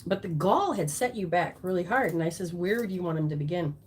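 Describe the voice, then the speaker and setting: A woman's voice: lowish voice, lively intonation, brisk, a little hiss or hum. A woman teaching as a spiritual healer and intuitive reader during a live-streamed session at home. She acts out people's reactions in quoted voices.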